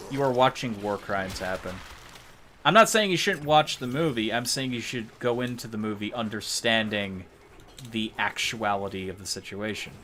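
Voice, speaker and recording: Bright-voiced joking American streamer man. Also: mid-range voice, slight background noise. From United States. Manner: joking, rambling, laughs often, swears casually. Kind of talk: casual gaming livestream chat.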